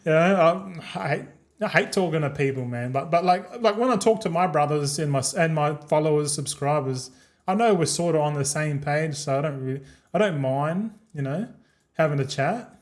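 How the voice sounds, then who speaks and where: Laid-back swearing Australian streamer. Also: male voice, fairly high pitch, normal speed. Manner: laid-back, rambling, swears freely, laughs often. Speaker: game streamer. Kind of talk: casual stream chat.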